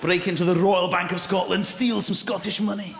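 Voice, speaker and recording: A man doing a stand-up comedy set, mocking and animated, talking straight to the audience in a live venue. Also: high-pitched, brisk, gravelly, a little hiss or hum. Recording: echoey hall with loud crowd laughter.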